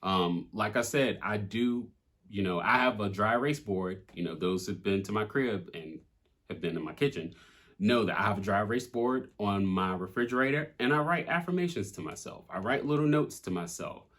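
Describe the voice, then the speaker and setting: A young man speaks in a low register, his husky voice carrying an easygoing, candid flow. He talks through his own song with loose fillers and casual swearing, open and reflective. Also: expressive, normal speed, fairly bright tone. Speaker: rapper breaking down his own track.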